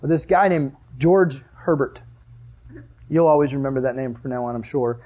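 A young man giving a casual, animated sermon as a youth pastor, with a chatty manner and lots of "like". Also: mid-range voice, normal speed. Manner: animated, chatty, heavy use of "like".

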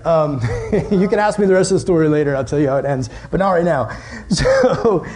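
Young male youth pastor, high voice, chatty and animated sermon delivery with filler words. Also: a little fast. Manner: animated storytelling, many "like" fillers.

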